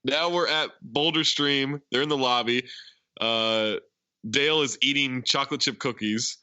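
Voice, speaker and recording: Heard with no echo and the highs cut off, this medium-pitched man speaks at a measured pace. Co-hosting a podcast, he recaps a film in a relaxed, animated way, quoting its lines and throwing in plenty of asides.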